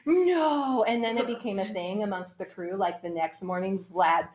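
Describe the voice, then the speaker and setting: A woman casually telling stories about a trip, animated and laughing often. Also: fairly low pitch, brisk. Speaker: traveler sharing trip photos. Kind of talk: casual storytelling. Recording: tinny phone-like line.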